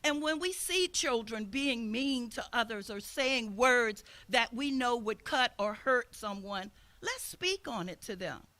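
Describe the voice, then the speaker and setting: A woman's voice: fairly high pitch, lively intonation, a little slow, few pauses, pushed and bright. An older woman minister giving a sermon outdoors, telling stories in an earnest way and acting out the voices she quotes. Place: outdoor service.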